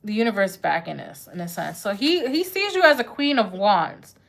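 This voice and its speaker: A woman's voice: medium pitch, lively intonation, moderate pace, creaky, a bit bright. Chatty woman reading tarot live. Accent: says her accent is thick. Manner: chatty, lots of "like" and "right?". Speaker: tarot reader.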